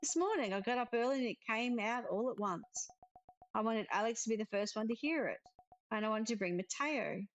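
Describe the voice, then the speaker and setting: A woman voicing a grown man, a calm and earnest father who writes songs. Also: on the high side, a little fast, highs cut off, soft background music, close to an everyday voice.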